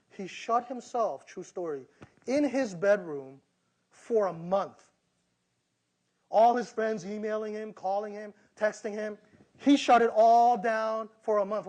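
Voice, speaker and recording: A man's voice: sits high, darkish tone. A middle-aged male pastor giving a sermon, preaching with energy and acting out the voices he quotes.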